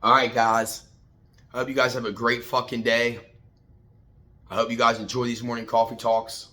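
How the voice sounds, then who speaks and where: A man's voice: medium pitch, level tone, moderate pace, bright, forceful tone. A man hosting a casual morning motivational talk, swearing freely and preaching to his listeners, calling them man and baby. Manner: profane, fired-up, preachy. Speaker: host.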